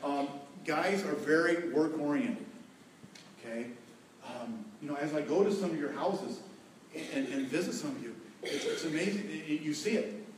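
Preaching on marriage, this middle-aged pastor keeps it folksy and joking, hammering key words through repetition at a moderate pace. His voice sits a little high and is recorded from a distance across an echoey hall, so it carries a heavy echo over faint room noise.

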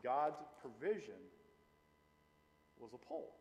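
A middle-aged man preaching a sermon as pastor, animated and emphatic, slowing down to stress key phrases. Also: mid-range voice, a little hiss or hum. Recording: long hall reverb.

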